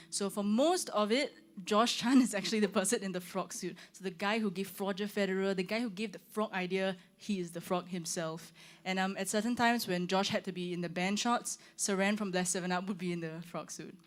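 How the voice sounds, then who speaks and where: A young woman, a singer chatting casually on a livestream, rambling with lots of "like" and "um". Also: medium pitch. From Singapore. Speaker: singer hosting her own launch stream. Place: room with her band.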